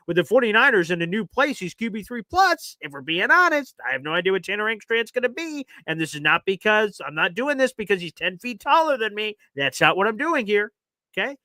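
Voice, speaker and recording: Bright, lively Southern-accented host. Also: male voice, sits high, brisk, dry recording. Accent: Southern American. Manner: animated, teasing banter. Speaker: podcast host. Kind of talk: casual sports talk.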